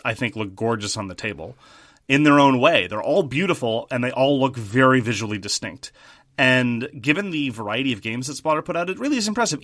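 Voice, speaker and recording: A man co-hosting a casual board game podcast, talking things through in a thoughtful, measured way and often restarting his sentences. His voice is bright and forward, recorded close and dry with no room sound. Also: mid-range voice, dry recording. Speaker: podcast co-host.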